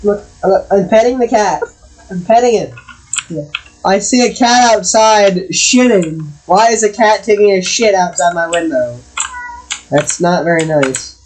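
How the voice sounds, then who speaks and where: A woman chatting casually while gaming, loudly scolding her cat, swearing and laughing. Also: mid-range voice, moderate pace, a little hiss or hum, rough recording. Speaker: gamer.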